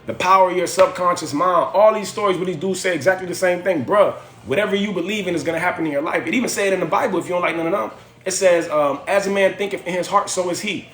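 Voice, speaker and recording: A man's voice: sits high, fast talker, fairly bright tone, reverberant. A man hosting a livestream from home, giving a slangy, preachy motivational talk that repeats phrases for effect. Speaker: livestream host.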